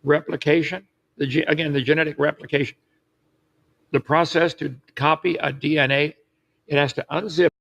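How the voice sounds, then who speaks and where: A man's voice: on the high side, steady tone, moderate pace, creaky, fairly bright tone, lo-fi sound. A man lecturing assertively in an old recorded clip. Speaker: creationist speaker.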